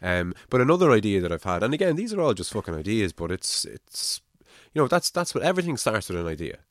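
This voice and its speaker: A man's voice: fairly low pitch, sing-song, quick pace, no echo. A man from Ireland with a Navan accent, hosting a podcast in casual, rambling chat and swearing freely. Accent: Navan, Irish. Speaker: podcast host.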